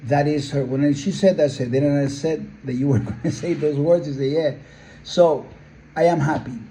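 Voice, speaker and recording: Man, dog breeder, earnest heartfelt storytelling, slightly high voice, mellow tone. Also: fairly even intonation, moderate pace, slight background noise, rough recording. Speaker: pit bull breeder. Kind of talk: conversational interview storytelling.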